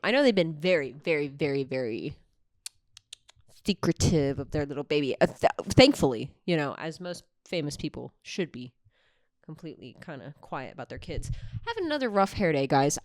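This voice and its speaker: A young woman chatting to camera with a bouncy, swooping voice that leaps high and dips low. She gushes and swears freely. She holds a microphone close, and the sound is dry and close. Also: normal speed, no echo. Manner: animated, swearing, gushing. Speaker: vlogger. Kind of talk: casual chat. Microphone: handheld microphone.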